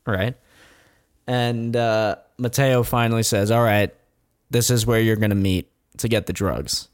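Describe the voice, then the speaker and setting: Unhurried and smooth, with a lowish voice, this commentator retells a documentary casually and with animation. He curses a lot and laughs while talking.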